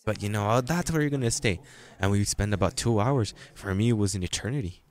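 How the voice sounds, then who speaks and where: Lively, laughing preacher man, lowish voice. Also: brisk. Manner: lively, laughing anecdotes with frequent restarts. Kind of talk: storytelling sermon.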